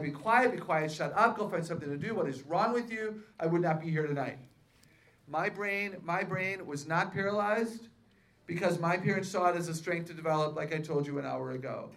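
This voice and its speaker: A woman and author speaking to a live audience at a faith-based seminar, peppering them with questions and playful self-mocking humor. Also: low voice. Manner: lively, quizzes the audience with questions.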